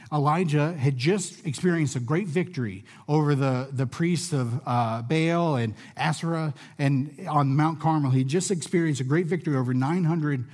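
Earnest man preaching a sermon. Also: on the high side. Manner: earnest, measured delivery, dropping softly at phrase ends. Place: room with a gathered audience.

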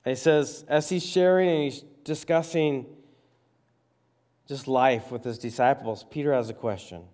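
A pastor preaching a sermon, reading scripture aloud and explaining it in a conversational, emphatic way. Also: male voice, medium pitch, normal speed, a little mellow. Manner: conversational, emphatic with checking questions.

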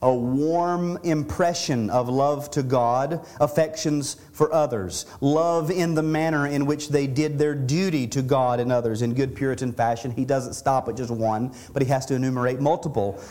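A man's voice: mid-range voice, steady tone, normal speed, hardly any pauses, darkish tone. A middle-aged man preaching an expository sermon as pastor, earnest and conversational, often restarting and repeating words as he explains a passage.

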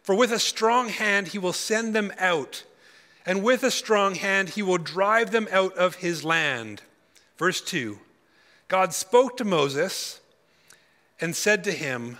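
A man giving a sermon as a guest speaker at a conference, reading scripture aloud with emphatic pauses. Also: a little high, animated, bright, forceful tone, long reverb tail. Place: conference hall.

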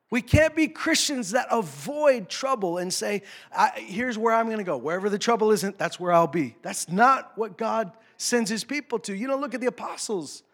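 A North American pastor preaches a sermon with impassioned swings. He drops to hushed asides, rises to shouted commands, and uses low, mocking voices when quoting complaints.

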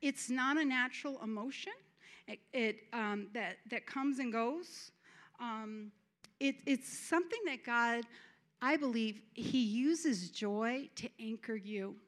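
A woman's voice: fairly high pitch, takes it slowly, a bit bright. A woman giving a fervent sermon testimony at church, repeating words and breaking into laughter. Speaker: church speaker.

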